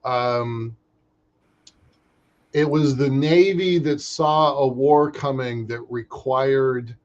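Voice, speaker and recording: A man co-hosting a podcast, chatting casually about space industry news in an animated way, often restarting his sentences. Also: medium pitch. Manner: animated, halting with restarts and fillers. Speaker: podcast co-host. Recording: muffled lo-fi audio.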